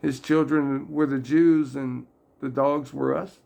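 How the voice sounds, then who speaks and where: A gravelly, medium-pitched man takes his time as host of a casual religious talk. He retells stories sincerely and rambles somewhat, occasionally becoming loudly excited and emotional.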